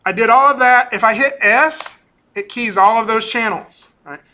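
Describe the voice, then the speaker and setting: A male animation instructor lecturing casually through a software demo, often ending points with "right?" and pausing on "um". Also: very high voice. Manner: casual, talkative, keeps tagging on "right?"; frequent ums and restarts. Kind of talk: recorded class lecture with screen demo.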